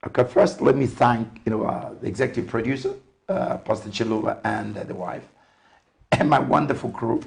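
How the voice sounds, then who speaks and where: An older man from Zambia hosts a television interview show. His voice is gravelly with a rough edge, and he takes his time, padding his questions with fillers. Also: mid-range voice. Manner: unhurried, warm sign-off phrases, frequent fillers. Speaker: TV talk show host.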